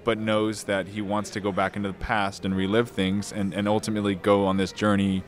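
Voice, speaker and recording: Guy with a lowish voice thinking out loud about his book, stops and restarts a lot, um and uh everywhere. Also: completely flat delivery. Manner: thoughtful, halting, many restarts and fillers. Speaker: novelist guest. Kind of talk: casual interview answers.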